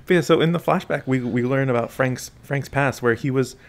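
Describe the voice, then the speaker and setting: A man's voice: medium pitch, a little fast. A man co-hosting a podcast, discussing a film casually, laughing often and rambling with fillers. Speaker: podcast co-host.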